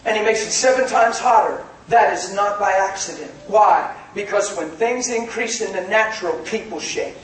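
Folksy male preacher, high voice, laughs and shouts, recorded from afar in a hall. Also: normal speed, hardly any pauses. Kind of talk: sermon. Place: church hall. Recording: echoey hall from far off.

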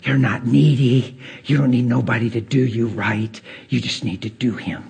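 A man preaching a sermon to a church crowd. He moves from hushed whispers to excited, nearly shouted lines and acts out people's voices in his stories. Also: moderate pace, gravelly, slightly rough. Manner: swings between hushed whispers and high excited near-shouting.

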